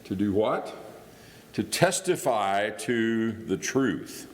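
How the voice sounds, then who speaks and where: In a reverberant church hall, a guest preacher, middle-aged and from Indiana, works through his sermon slowly in a lowish, lively voice. He sounds conversational, thinking aloud and restarting small bits as he goes.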